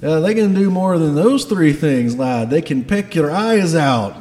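A man voicing a gruff, bossy middle-aged male dwarf with a put-on Scottish accent, talking loudly and swearing. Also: a little high, animated, a little slow, in a large hall, a little hiss or hum, pitched above the performer's own voice. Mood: gleeful. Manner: loud, blustering, swearing.

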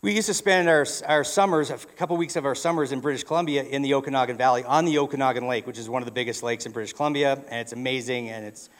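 A man's voice: mid-range voice, steady tone, fast, few pauses. A man preaching a sermon in a church, telling a story in a conversational way with frequent restarts. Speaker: pastor.

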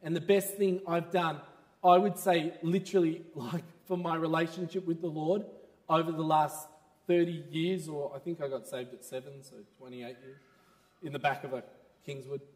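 A man preaching a sermon in church, animated and laughing as he talks. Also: on the high side, normal speed, big-room sound. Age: 30s.

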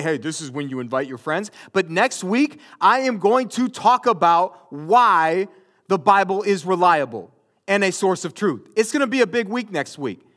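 A man with a high voice preaches to a congregation. He talks casually and directly to the room, and now and then gets louder and more emphatic. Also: big pitch swings, moderate pace. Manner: conversational preaching, rising to loud emphatic bursts. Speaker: pastor. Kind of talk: sermon.

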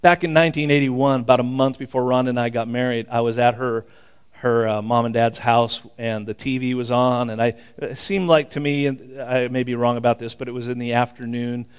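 A man's voice: mid-range voice, level tone, fairly quick, clean tone. A man in his sixties preaching a sermon in a conversational way, with frequent asides and restarts. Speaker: pastor.

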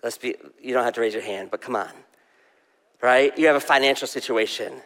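A man's voice: a little high, fairly quick, a bit bright, big-room sound. A male pastor preaching a sermon in a conversational way, asking the congregation questions.

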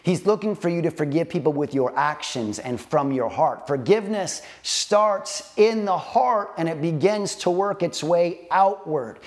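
A man preaching a sermon, earnest and slow, repeating phrases with emphatic pauses. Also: on the high side, expressive. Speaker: pastor.

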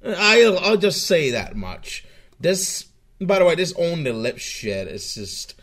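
A man streaming and reacting to clips, swearing and mocking, swinging from mutters to loud outbursts. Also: fairly high pitch, very animated, slow pace. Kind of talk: casual profane commentary. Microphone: webcam setup microphone.

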